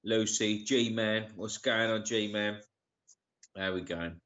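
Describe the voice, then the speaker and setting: A man's voice: lowish voice, steady tone, slow, fairly bright tone, a little hiss or hum. A man hosting a casual live stream. He swears a lot and greets viewers by name with slang like geezer and bruv. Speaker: livestream co-host. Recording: dull lo-fi live-stream audio.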